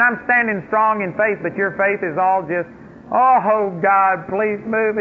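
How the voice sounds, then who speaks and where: A man preaching a sermon as pastor, emphatic and quick to act out the voices of complainers. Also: high-pitched. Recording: tinny phone-like radio broadcast, faint noise.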